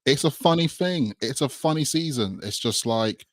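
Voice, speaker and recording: A man's voice: medium pitch, animated, normal speed, no echo. A man co-hosting a podcast, chatty and laughing often as he talks football. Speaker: podcast co-host. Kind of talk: casual football chat.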